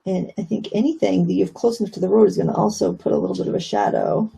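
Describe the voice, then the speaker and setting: A woman's voice: medium pitch, fairly even intonation, rapid-fire, creaky, warm tone, low-quality recording. A woman teaching watercolor painting on a live stream, chatting casually and explaining as she paints, with plenty of fillers. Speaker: watercolor instructor.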